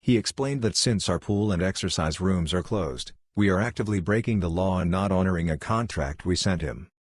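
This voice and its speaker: A man reading online posts aloud in a flat, even narrating style. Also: low-pitched, brisk, slightly rough, dry recording, studio quality.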